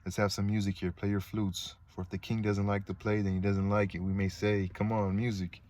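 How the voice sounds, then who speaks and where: A man's voice: fairly low pitch, little pitch movement, brisk, darkish tone, natural voice. A man reading the lines of a bitter, sarcastic young prince in his own plain voice.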